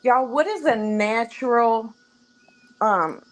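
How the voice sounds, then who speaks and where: A woman's voice: on the high side, slow pace, rough recording. A woman in a casual group chat, plain-spoken and chatty, airing complaints. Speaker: participant.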